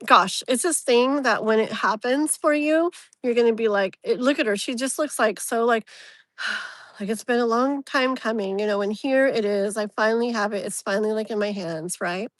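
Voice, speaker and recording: A woman's voice: on the high side, normal speed, fairly bright tone, dry recording. A woman hosting a live tarot reading, chatting casually and leaning on "like" and "you know", with a soothing tone toward the viewer.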